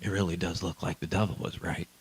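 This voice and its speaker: Emphatic low-voiced male preacher. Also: fairly even intonation, fast, husky, rough recording. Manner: emphatic, swings between quiet asides and loud declarations. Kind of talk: sermon. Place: church hall.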